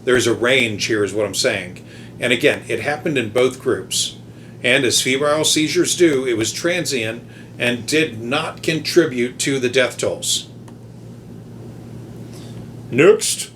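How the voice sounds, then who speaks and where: Measured male podcast host. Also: mid-range voice, a bit bright, a little hiss or hum. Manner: measured, methodical fact-checking. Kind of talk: explanatory commentary.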